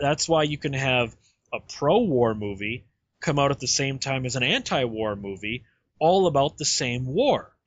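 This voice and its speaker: A man's voice: fairly high pitch, no echo. A man hosts a film discussion and presses his arguments with firm emphasis. His voice is recorded dry and close, with no room sound around it. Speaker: podcast host.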